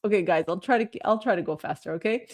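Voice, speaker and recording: With a medium-pitched, slightly mellow voice and a quick pace, a woman from the Soviet Union runs a casual livestream. She reads out viewer comments, peppers her chat with fillers and "like," and comes across as earnest and rallying.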